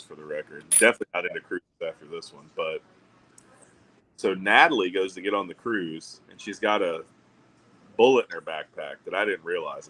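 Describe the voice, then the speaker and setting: A man's voice: low voice, bright, forceful tone, low-quality recording. A middle-aged man hosting a casual chat, telling profane, wry anecdotes and acting out the other people's lines. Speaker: podcast co-host.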